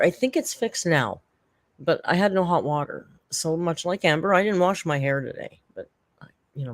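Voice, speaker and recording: Speaking into a desk mic at home, this livestream host from Canada has a low-pitched, darkish voice with no room sound. She rambles in a chatty way while thanking people in the chat.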